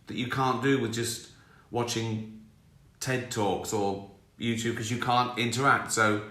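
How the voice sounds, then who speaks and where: Older guy rambling thru viewer questions, self-mocking, kinda bright punchy voice, echoey room. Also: mid-range voice. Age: 60s. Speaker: host of a live stream. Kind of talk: casual chat answering viewer questions. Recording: roomy echo.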